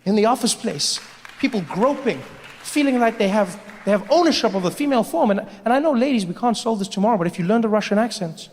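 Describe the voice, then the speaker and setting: A man doing stand-up comedy on a theatre stage, telling stories in a lively, confiding way. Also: high voice, fast talker. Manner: animated storytelling, confiding. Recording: live stage, long hall reverb, faint noise.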